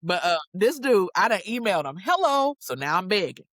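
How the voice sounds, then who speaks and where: Animated woman telling a wild story. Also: fairly low pitch, a little fast, dry recording. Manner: animated, slangy storyteller who acts out quotes. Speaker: guest singer-songwriter. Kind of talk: casual storytelling chat.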